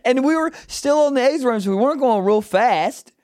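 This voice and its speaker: High pitched guy on a podcast, swears a lot, gets loud telling stories, dead dry room. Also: fairly quick, no echo. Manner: animated storytelling, profane, shouts quoted lines. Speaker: podcast co-host. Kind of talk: casual comedic chat.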